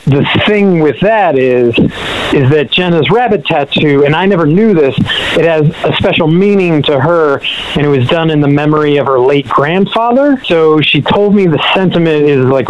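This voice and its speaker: A man's voice: on the high side, lo-fi sound, a little hiss or hum. A man calling in to a radio talk show, telling his story in a hesitant, rambling way with lots of fillers. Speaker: caller. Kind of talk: call-in radio chat.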